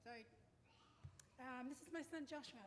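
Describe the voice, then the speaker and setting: A woman's voice: high voice, fairly quick. A woman gives a family tribute at a service. She tells stories in a chatty way, with many ums and you-knows. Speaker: daughter giving a family tribute. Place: church hall. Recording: reverberant hall, faint background noise.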